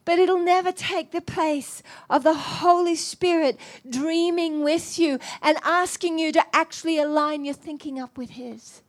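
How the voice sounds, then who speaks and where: High-voiced woman preaching animatedly. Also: unhurried, hardly any pauses. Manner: animated, self-mocking storytelling. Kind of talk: storytelling sermon.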